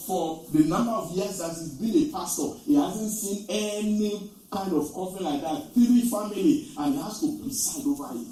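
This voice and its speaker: Preacher in an echoey hall. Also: male voice, fairly high pitch. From Nigeria. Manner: animated storytelling preacher, repeats key lines, rises to loud emphasis. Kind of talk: sermon. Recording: echoey, distant from the mic.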